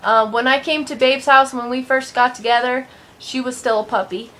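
A woman's voice: high voice, fairly even intonation, moderate pace, fairly bright tone. A young woman chatting casually in a home vlog, rambling with lots of ums and a loose, sweary way of talking. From Colorado, USA. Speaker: vlogger.

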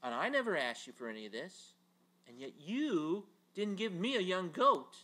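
A man's voice: sits high, sing-song, normal speed, bright, forceful tone, pitched above the performer's own voice, heavily acted, low-quality recording. A man voicing a resentful older brother who complains with indignant questions. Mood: aggrieved.

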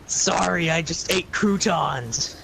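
Teasing gamer man with a gravelly voice. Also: a little high, takes it slowly, background noise. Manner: teasing, dry. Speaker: gamer co-commentating. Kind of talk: casual gameplay chat.

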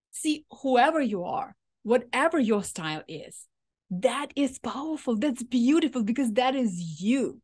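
A woman in her thirties coaching an audience on speaking style, her voice sitting a little high. She talks with fiery enthusiasm, pushing words hard and swinging her delivery for emphasis. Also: sing-song, a little slow, a little mellow. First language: Ukrainian. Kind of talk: motivational talk.

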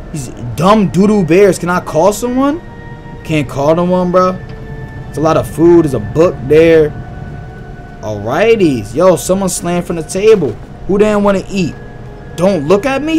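Young man, let's-play commentary, excitable, slangy, fairly high voice. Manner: excitable and slangy, reacting loudly to scares. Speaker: gaming YouTuber.

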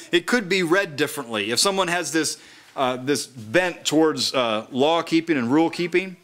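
A man with a bright, fairly high voice preaches a sermon at a small house church gathering. He reads scripture slowly and deliberately, then talks through its meaning in a relaxed, conversational way.

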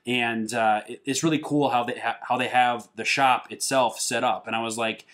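A young musician from Minnesota, USA, appears as a guest in a casual chat, joking with a friend and laughing often. His voice is medium-pitched and fairly bright, with fairly even intonation, a little fast and with hardly any pauses.

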